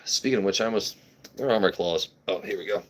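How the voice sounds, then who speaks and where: A man's voice: low voice, fast, a little hiss or hum. A man hosting a livestream in casual chat, crude and rambling with jokes and swearing. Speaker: livestream host.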